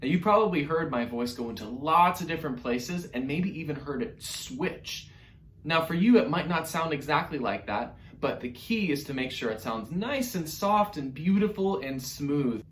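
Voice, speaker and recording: A man's voice: a little high, lively intonation, moderate pace, a bit bright, reverberant. A man teaching an online music lesson to young children in an upbeat, encouraging way, speaking directly to his class.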